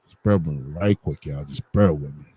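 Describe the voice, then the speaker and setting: Streamer, male, very deep and raspy, slow frustrated muttering with heavy cursing. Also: warm tone, no room sound, poor audio. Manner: frustrated, muttering and swearing while fixing the stream setup. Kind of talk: casual live-stream talk to viewers.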